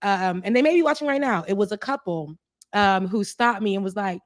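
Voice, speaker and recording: A woman's voice: mid-range voice, a little fast, no echo. Chatty storytelling woman, dry close sound. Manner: chatty storytelling with laughs and quoted voices. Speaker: show co-host. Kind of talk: casual chat.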